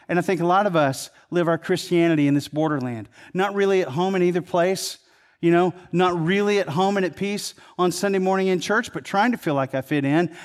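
A man preaching a sermon in a conversational way, building to emphatic peaks and then dropping low. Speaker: pastor.

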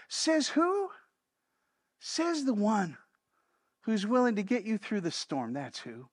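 A man preaching from the pulpit in a notably high voice. He drives his points home with a repeated refrain. He shifts between booming emphasis and soft, hushed asides. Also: huge pitch swings, slow pace, long pauses. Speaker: pastor. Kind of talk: sermon. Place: church service.

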